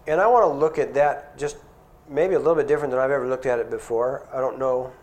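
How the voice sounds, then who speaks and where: A man's voice: mid-range voice, quick pace, darkish tone. Earnest man preaching a sermon. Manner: conversational, earnest preaching with rhetorical questions.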